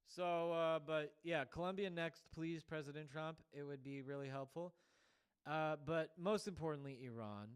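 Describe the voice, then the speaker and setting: Smooth-voiced rambling male host. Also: on the high side, moderate pace. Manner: rambling, full of "like" fillers. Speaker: show host. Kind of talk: political monologue.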